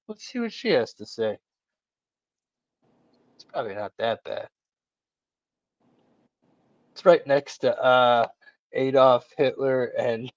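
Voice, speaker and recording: A man's voice: medium pitch, no echo. A man hosting a live call-in show, chatting casually with a sarcastic, slangy manner. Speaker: host. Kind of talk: casual podcast chat. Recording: dull lo-fi sound.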